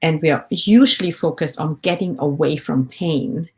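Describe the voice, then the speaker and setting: Low-voiced woman coaching gently. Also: normal speed. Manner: gentle, encouraging, asks listeners questions. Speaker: podcast host, life coach. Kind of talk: reflective solo podcast talk.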